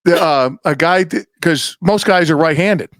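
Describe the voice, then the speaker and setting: A man's voice: on the high side, normal speed, a bit bright, no echo, clean studio sound. A man hosting a podcast, telling rambling, profane stories in casual chat and acting out the people he quotes. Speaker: podcast host.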